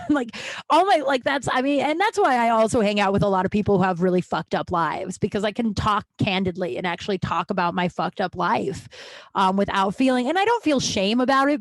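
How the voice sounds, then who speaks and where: A woman's voice: mid-range voice, no echo. Rambling woman podcast host, dry sound. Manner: rambling, self-correcting, laughs at her own stories. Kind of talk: candid personal storytelling.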